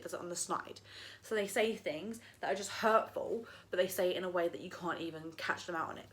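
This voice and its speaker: A woman's voice: on the low side, moderate pace. A young woman ranting casually to camera, swearing freely and mocking people in put-on voices. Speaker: vlogger.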